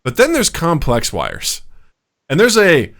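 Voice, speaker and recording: A man's voice: on the high side, wildly swooping pitch, a little slow, a bit bright. A man co-hosting a podcast in casual chat, telling stories animatedly and acting out quotes. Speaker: podcast co-host.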